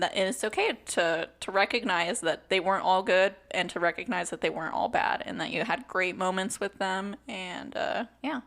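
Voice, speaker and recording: Young adult woman, podcast co-host, candid casual chat, laughs often, reflective, mid-pitched voice. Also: gravelly, fairly bright tone.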